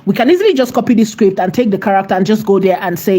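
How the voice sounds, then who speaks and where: A woman's voice: medium pitch, dark tone. Chatty woman teaching, repeats herself. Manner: chatty and emphatic, repeats phrases, asks "right?"; slows to dictate while typing. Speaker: AI tutorial host. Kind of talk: live screen-share tutorial.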